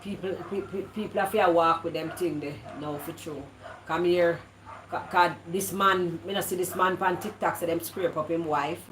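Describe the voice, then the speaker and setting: Chatty Jamaican woman, low voice. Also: fairly even intonation, normal speed, fairly bright tone, reverberant, slight background noise, low-quality recording. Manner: chatty, patois-laced, stumbles and repeats words. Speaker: vlogger. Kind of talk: casual live-stream chat.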